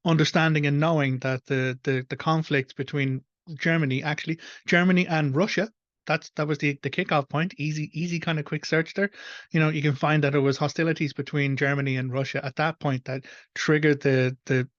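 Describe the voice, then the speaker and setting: A man's voice: on the high side, flat delivery, a little fast, no echo, muffled recording. Frustrated Irish man ranting. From Ireland. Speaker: host. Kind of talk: reaction commentary.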